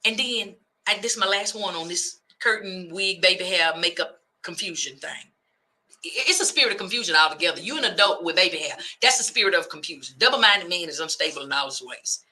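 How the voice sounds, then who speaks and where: Bright-voiced woman ranting comically. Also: lowish voice, brisk. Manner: animated, comic ranting with preacher-like cadences. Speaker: radio show host. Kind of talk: comedic talk radio rant.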